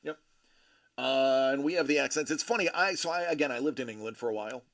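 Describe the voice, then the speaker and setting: A man's voice: mid-range voice, quick pace, fairly bright tone. An American man hosting a casual stream, rambling and joking with many fillers and restarts. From United States. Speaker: livestream host and father.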